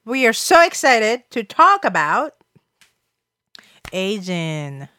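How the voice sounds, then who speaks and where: Woman, 30s, podcast co-host, casual chat, lively pitch, bright tone, dry sound. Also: slow pace, smooth, no echo. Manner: animated, blunt, laughs often.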